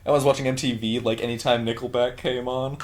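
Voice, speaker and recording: A man's voice: medium pitch, level tone, quick pace. A man in his twenties co-hosting a podcast, chatting casually and joking around with plenty of swearing. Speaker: podcast co-host. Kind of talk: casual chat.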